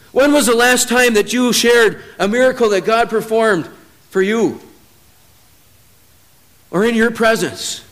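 A man preaching a sermon, telling a personal story, who swings from low, quiet stretches to loud, emphatic peaks.

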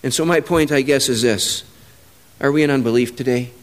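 A man preaching a sermon, telling a personal story, who swings from low, quiet stretches to loud, emphatic peaks. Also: a little fast.

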